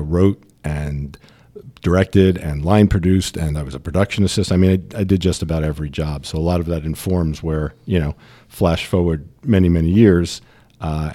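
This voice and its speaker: Deep-voiced New York man, mellow. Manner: chatty storyteller, many fillers and restarts. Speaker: distillery founder, guest. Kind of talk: casual interview chat.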